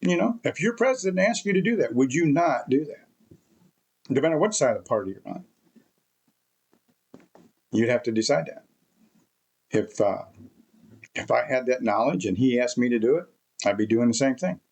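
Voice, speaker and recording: Man, mid pitch, rambling, emphatic, repeats himself, casual opinion vlog. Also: expressive, moderate pace, pauses often, a little mellow, slightly rough. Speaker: vlogger.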